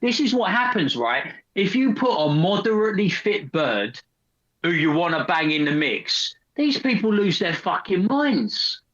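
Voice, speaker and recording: A London Englishman swears his way through casual podcast banter, ending lines with "mate". His voice is bright, higher than most men's and very lively. The audio comes through muffled and dull. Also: measured pace.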